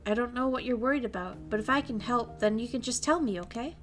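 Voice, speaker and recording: A woman voicing a kind, caring teenage girl, reading a visual novel aloud in a soft, gentle manner. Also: a little high, fast talker, natural voice.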